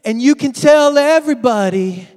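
A man preaching, voicing a boastful, arrogant ancient king who brags loudly. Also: very high-pitched, animated, moderate pace, in a large hall, voice pushed up.

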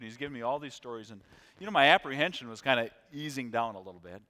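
A man's voice: mid-range voice, rapid-fire. A middle-aged American man preaching a missions sermon, his voice set in the middle of the male range. He tells stories conversationally and keeps turning to the congregation with questions. The sound rings with the long reverb of a big church hall. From United States. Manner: conversational, animated storyteller who asks the congregation questions. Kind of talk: sermon with storytelling. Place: church sanctuary.

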